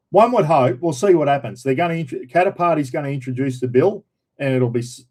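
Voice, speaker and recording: An Australian man hosts a casual livestream chat and answers viewers' comments. He talks in a blunt, opinionated way and drops in plenty of slang. His voice is mellow and warm, and it sits a touch higher than most men's. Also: low-quality recording. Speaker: livestream host.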